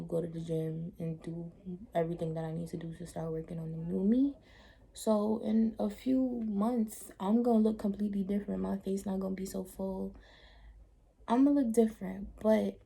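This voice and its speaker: Low, gravelly-voiced young woman vlogging. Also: a little hiss or hum. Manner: blunt, animated retelling with slangy asides. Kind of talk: casual storytime chat.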